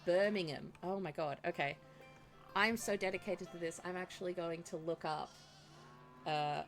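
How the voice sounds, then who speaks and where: Chatty Australian woman streamer, lively pitch, a bit of gravel in it. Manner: chatty, giggly, self-mocking. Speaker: game streamer. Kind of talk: casual chat while playing.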